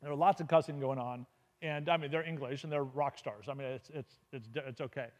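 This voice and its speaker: Lively storytelling man in a reverberant church. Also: medium pitch, fairly quick. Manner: lively, humorous anecdotal storytelling. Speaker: guest speaker at a church mission weekend. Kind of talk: storytelling talk to a congregation. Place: church sanctuary. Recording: long hall reverb.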